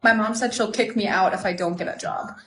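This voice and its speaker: A woman's voice: mid-range voice, fairly quick, a bit bright, roomy sound, natural voice. A synthetic text-to-speech woman's voice playing a broke, sarcastic teenage girl in a storytime. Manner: blunt, sarcastic. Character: broke teenage girl Bailey, sassy and blunt.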